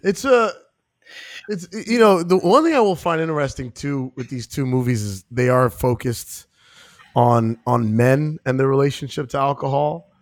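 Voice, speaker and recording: A man's voice: medium pitch, moderate pace, dry recording, studio quality. A man co-hosting a film podcast, talking casually and rambling with lots of fillers. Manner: rambling with many "you know" fillers. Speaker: podcast co-host.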